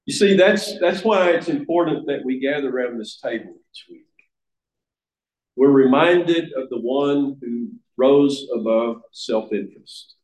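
A man's voice: medium pitch, animated, measured pace, a little mellow. Earnest preacher man in an echoey room. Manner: earnest, emphatic, with restarts. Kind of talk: sermon. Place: church sanctuary.

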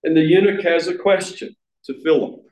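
A man preaching a sermon, slow and emphatic, repeating words for stress. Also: fairly high pitch, darkish tone. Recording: echoey room.

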